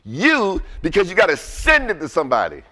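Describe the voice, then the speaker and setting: A man's voice: high voice, huge pitch swings, a little fast, bright, forceful tone. A man giving an interactive motivational lecture, energetically quizzing the audience with fill-in questions. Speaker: workshop presenter.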